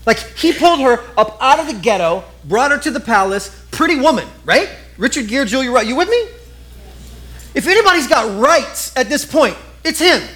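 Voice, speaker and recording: A man with a high voice, preaching a sermon and talking straight to the congregation. His delivery is lively and conversational, full of quick asides. He sounds middle-aged. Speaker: pastor.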